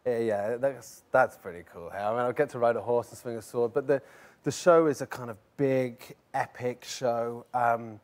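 A man's voice: medium pitch, fairly even intonation, normal speed. A man with a Welsh accent, a guest on a talk show, chatting casually, laughing easily and often restarting his words. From Wales. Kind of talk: casual chat.

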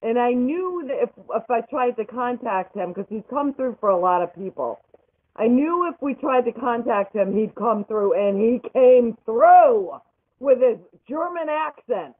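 Woman, excitable and emphatic, swooping intonation, phone-line sound. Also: fairly high pitch, a little slow, breathy edge. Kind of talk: casual chat.

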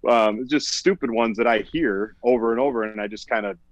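A man's voice: medium pitch, a little fast, no room sound. Rambling man on a podcast. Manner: rambling, full of "like". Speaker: podcast guest, sports radio host. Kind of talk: casual podcast chat.

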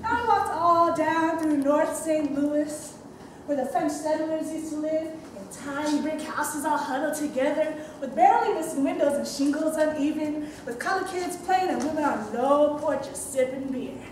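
A woman's voice: high voice, moderate pace, a little hiss or hum. A young woman performing a dramatic monologue on stage, telling her story in a vivid, playful way. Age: young adult. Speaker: stage actress. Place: theater stage. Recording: very echoey stage from far off.

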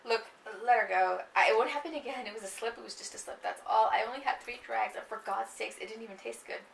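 Woman reading a scared, pleading husband, anxious and desperate, gravelly tone, recorded from afar in an echoey room. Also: on the high side, fast talker, distant mic, slight background noise.

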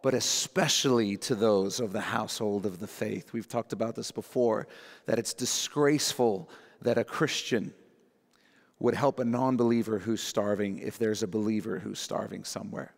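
A man preaching a sermon as pastor, animated and acting out quotes in little voices. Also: lowish voice, moderate pace, vocal fry. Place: church sanctuary. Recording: long reverb of a church hall.

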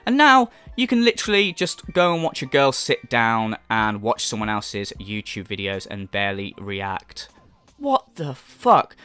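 A man's voice: lowish voice, sing-song, a little slow, pushed and bright, clean tone. A man giving a sarcastic, profane reaction commentary, sounding exasperated as he rants. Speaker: commentary YouTuber.

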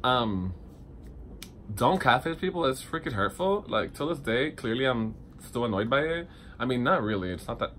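A young man telling a personal story to his phone camera in a lively, dramatic, chatty way, swinging up high for the funny parts. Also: moderate pace, slight background noise. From Dominican heritage. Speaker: vlogger. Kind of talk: casual storytelling vlog.

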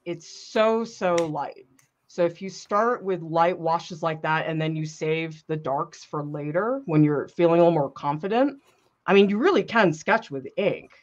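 A woman's voice: fairly low pitch, a little slow, muffled recording. A woman art instructor chatting casually and laughing often while she paints with ink.

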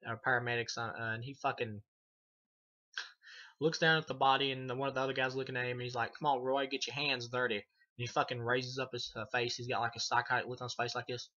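A man's voice: mid-range voice, little pitch movement, fast, bright, forceful tone, dull audio. A man giving a casual, profane film review, rambling and laughing as he retells scenes. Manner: rambling, swears a lot, laughs often. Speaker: movie reviewer.

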